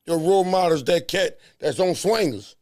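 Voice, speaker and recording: A man's voice: fairly high pitch, animated, normal speed, darkish tone. A man in a casual heart-to-heart talk, emphatic and preachy, repeating words to drive points home.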